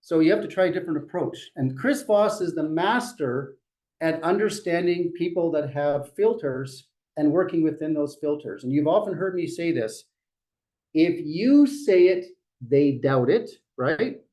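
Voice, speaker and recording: Lively man leading a sales meeting. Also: a little high, normal speed, poor audio. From Dutch family. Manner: lively, jokey, acts out clients' voices. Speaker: brokerage leader running a team meeting. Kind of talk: motivational meeting talk.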